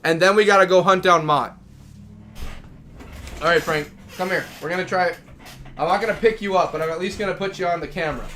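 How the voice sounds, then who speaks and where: A man's voice: a little high, fairly quick, sharp tone, a little hiss or hum. A man streaming a game live, chatting casually and talking affectionately to his dogs. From Minnesota.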